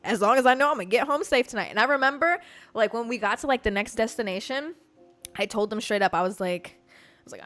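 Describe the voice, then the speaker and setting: Profane, animated woman telling a story. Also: a little high, fast talker, soft background music. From Georgia, US. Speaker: podcast host. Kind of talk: casual storytime monologue.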